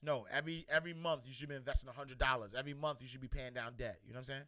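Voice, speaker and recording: A man hosting a casual livestream, reading viewer comments aloud and giving shout-outs in a loose, repetitive way. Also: medium pitch, steady tone, racing, hardly any pauses, dry recording. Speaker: host.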